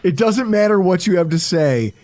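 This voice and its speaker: A male podcast co-host from the Buffalo area rambles through casual chat. His pitch sits fairly high and swings widely as he riffs, and he swears freely while he philosophizes. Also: animated, normal speed, a little mellow. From Buffalo area, New York.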